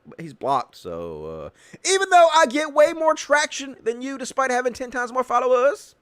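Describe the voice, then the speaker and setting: A man's voice: very high-pitched, huge pitch swings, brisk, a bit bright, dry recording. A man hosting a political commentary show, talking in a sarcastic, mocking and profane way. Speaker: host.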